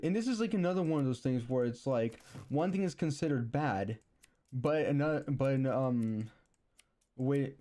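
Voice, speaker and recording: A man's voice: medium pitch, mellow. Rambling young man ranting on stream. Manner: rambling, restarts often, sarcastic. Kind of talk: casual stream rant.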